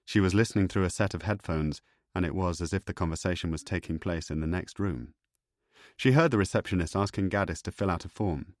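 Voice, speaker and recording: Deep-voiced man narrating an audiobook. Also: no echo, clean studio sound. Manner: measured, even storytelling. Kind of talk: scripted narration.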